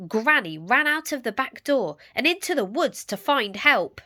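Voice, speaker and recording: Slow, animated woman reading a children's story. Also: fairly high pitch. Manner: animated, expressive.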